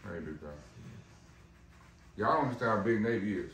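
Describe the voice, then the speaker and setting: A man's voice: lowish voice, animated, moderate pace, pauses often, far from the mic. A man chats loosely to the camera while coaxing and praising his dog at home, his talk full of slang. The room is echoey and he often drifts away from the mic. A faint hiss of noise sits behind him. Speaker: dog breeder vlogger. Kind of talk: casual vlog with his dog.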